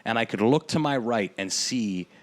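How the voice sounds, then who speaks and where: A man's voice: medium pitch, expressive, moderate pace. A young man hosting a podcast, telling a rambling, profane story in casual chat with lots of fillers. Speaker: podcast host.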